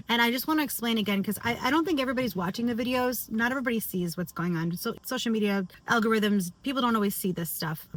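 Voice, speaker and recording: A woman's voice: fairly high pitch, lively intonation, fast talker, fairly bright tone. A woman and singer recording a candid personal video diary, speaking openly and emotionally. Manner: open, confessional, emotional. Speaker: vlogger and singer.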